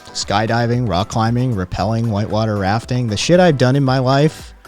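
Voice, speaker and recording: A man's voice: mid-range voice, moderate pace, darkish tone, soft background music. Brash, teasing man on a livestream. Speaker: livestream host. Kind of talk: casual livestream chat answering viewers.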